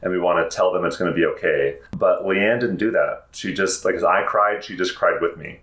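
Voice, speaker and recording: Reflective male interview guest, very low voice, roomy echoey sound. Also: fairly quick, fairly bright tone. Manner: earnest and reflective, with frequent "like" and restarts. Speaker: podcast guest, therapist. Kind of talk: candid interview conversation.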